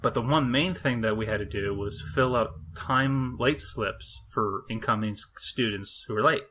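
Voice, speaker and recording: A young man co-hosting a podcast, telling a story in a casual way. He brings it to life by acting out the people in it. His voice is bright and mid-pitched. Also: moderate pace, slightly rough. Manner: animated, acts out voices in anecdotes. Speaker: podcast co-host.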